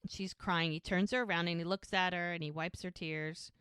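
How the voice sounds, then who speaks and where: Here a podcast co-host speaks fairly quickly in a clean, low-leaning voice, recorded dry with clean studio sound. Her casual recap chat retells scenes from a show, and she performs the characters' lines in animated voices.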